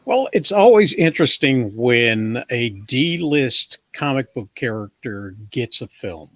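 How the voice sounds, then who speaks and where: Man, mid pitch, dry mic, unhurried guest full of filler pauses. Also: sing-song, fairly bright tone, no room sound. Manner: measured, many fillers like uh and um. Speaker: podcast guest. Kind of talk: casual movie discussion.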